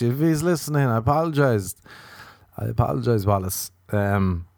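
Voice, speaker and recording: A man's voice: on the low side, expressive, normal speed, gravelly, darkish tone, dry recording, studio quality. A man, a comedian hosting a podcast, rambling through a playful, crude, self-mocking monologue. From Ireland.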